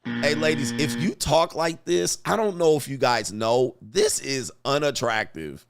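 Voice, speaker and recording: A man's voice: medium pitch, lively intonation, measured pace, creaky, background noise. A man hosting a livestream reaction commentary, talking in a blunt, mocking way and chuckling often. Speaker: commentary host.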